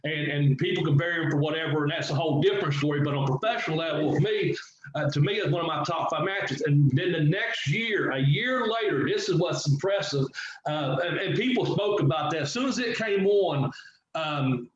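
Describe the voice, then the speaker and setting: A middle-aged former wrestler telling a story in a casual interview, animated and swearing freely as he acts out what others said. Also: a little high, brisk. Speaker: guest, former pro wrestler. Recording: echoey, dull, slightly noisy audio.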